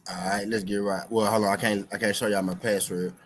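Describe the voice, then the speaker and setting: Man, young, low voice, slangy betting-show host, repeats himself, laid-back streaming chat. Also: level tone, brisk, slight background noise, poor audio. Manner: loose, slangy, repeats lines for emphasis. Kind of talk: casual live-stream chat.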